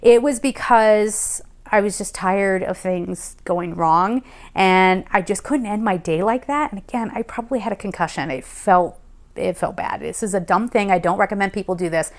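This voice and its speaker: A young adult woman vlogging, telling a rambling personal story in a chatty, animated way and laughing now and then. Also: mid-range voice, normal speed. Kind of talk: casual storytelling. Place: Colorado Springs.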